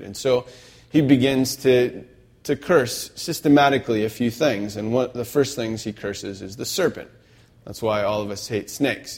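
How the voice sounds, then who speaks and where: A medium-pitched male pastor preaches in a conversational style, regularly checking in with the congregation.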